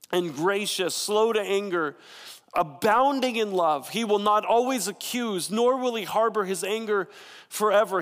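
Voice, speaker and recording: A man's voice: high-pitched, fairly bright tone, in a large hall. A man in his thirties preaching a sermon as a pastor, conversational and storytelling with playful asides.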